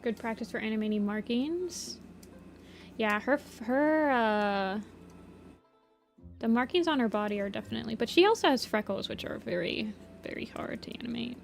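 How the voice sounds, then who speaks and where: A woman's voice: a little high, lively intonation, normal speed, creaky, soft background music. A woman chatting casually on a livestream while she draws, reading chat messages aloud and answering them. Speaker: art streamer.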